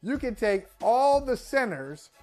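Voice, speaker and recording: A man's voice: very high-pitched, sing-song, a little slow, darkish tone. A man on a sports talk show, talking in a casual, emphatic way and piling on disbelief. His delivery is plain and conversational, full of rhetorical questions. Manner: emphatic, incredulous ranting.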